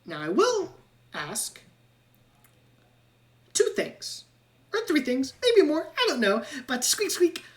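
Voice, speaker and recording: Woman doing a squeaky, clingy rat scientist. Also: huge pitch swings, takes it slowly, long pauses, distant mic, full character voice. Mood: eager. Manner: squeaky, ends lines with squeak squeak. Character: eccentric shady male rat scientist, eager and clingy.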